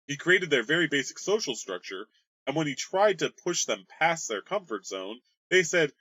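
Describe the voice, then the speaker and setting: A man's voice: on the high side, sing-song, normal speed, sharp tone, no echo. A man rambling through his tabletop campaign's history in a casual, joking way, with crude humor. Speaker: game master. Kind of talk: casual worldbuilding explainer.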